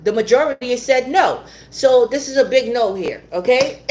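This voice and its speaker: A woman's voice: fairly high pitch, a little slow, a little hiss or hum. Blunt, swearing woman tarot reader. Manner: blunt, swears, repeats herself, laughs often. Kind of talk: live tarot reading.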